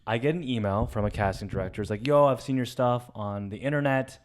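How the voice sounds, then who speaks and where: A young man casually telling a story on a podcast, animated and swearing freely, jumping up in pitch when excited. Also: fast talker. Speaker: podcast co-host.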